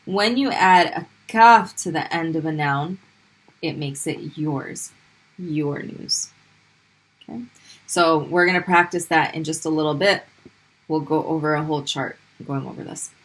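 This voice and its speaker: A woman's voice: low-pitched, steady tone, a bit bright. Woman teaching Arabic sounds patiently. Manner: patient, repeats sounds slowly and clearly for drilling. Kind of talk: classroom lesson explaining pronunciation.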